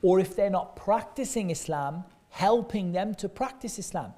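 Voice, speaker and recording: A man with a mellow, slightly high, expressive voice leads an interactive children's class at normal speed. He keeps asking the kids questions, repeats their answers back with warm praise, and keeps his talk loose and encouraging, full of everyday examples.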